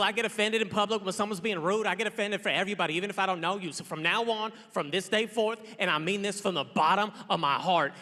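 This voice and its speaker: High, bright comedian on a big stage. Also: male voice, fast talker, hardly any pauses. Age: 30s. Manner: loud, playful, acts out characters. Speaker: stand-up comedian. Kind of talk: stand-up comedy set. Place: large theater stage. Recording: long hall reverb, crowd noise.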